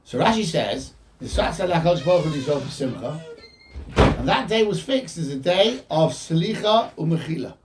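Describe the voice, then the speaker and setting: Man, rabbi, informal Torah lecture, quotes Hebrew and explains, fairly high voice, distant mic. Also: moderate pace. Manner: animated, quotes Hebrew texts then explains in English. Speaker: rabbi teaching a Torah class.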